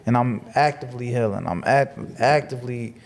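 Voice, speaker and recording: A man who is a guest on a casual podcast, talking in a preachy, motivational way, repeating phrases for emphasis and growing animated as he tells stories. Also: mid-range voice, brisk.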